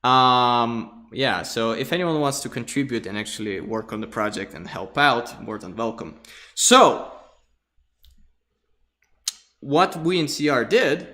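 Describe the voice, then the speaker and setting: Male lecturer, mid-pitched, walks through a storyboard, makes the sound effects himself, stumbles over repeated words. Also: expressive, measured pace, pauses often, sharp tone. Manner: acts out scenes with vocal sound effects; repeats words while searching for them.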